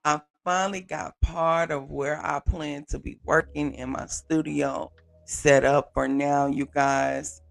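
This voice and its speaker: A man hosting his own pop culture vlog from a small home studio, animated and chatty, talking straight to viewers with repeated catchphrases. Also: a little high, takes it slowly, vocal fry, dry recording. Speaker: YouTube pop culture reviewer. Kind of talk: casual vlog intro.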